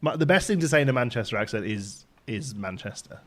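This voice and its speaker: A man's voice: mid-range voice, animated, fast. A man chatting casually with his audience while streaming a game, laughing often as he talks. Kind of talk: casual live-stream chat. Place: home in Ontario, Canada.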